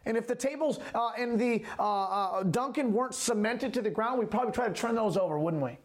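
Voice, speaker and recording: A man's voice: high voice, fairly quick. A man preaching a sermon as a pastor, emphatic, repeating key phrases and asking rhetorical questions.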